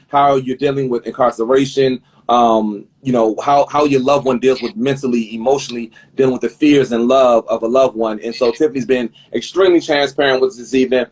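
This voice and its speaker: A man's voice: medium pitch, darkish tone. Talkative man hosting a video-call interview. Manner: talkative, repeats words while rephrasing questions. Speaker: host. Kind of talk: live online interview. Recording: husky video-call audio that drops out.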